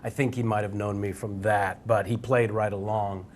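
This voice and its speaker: Animated man telling a comic anecdote. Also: fairly low pitch, normal speed, slight background noise. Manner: animated storyteller, acting out quotes. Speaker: celebrity guest. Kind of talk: comic anecdote on a game show.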